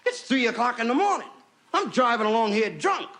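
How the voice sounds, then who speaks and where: Lively high-voiced man telling a comedy story. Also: brisk. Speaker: stand-up comedian. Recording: noisy old television recording.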